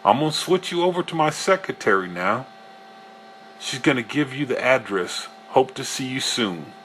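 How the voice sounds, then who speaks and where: A man voicing a pushy middle-aged male client who talks briskly and eagerly on the phone, in a storybook reading. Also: medium pitch, animated, fairly bright tone, a little hiss or hum, pitched above the performer's own voice, lightly acted.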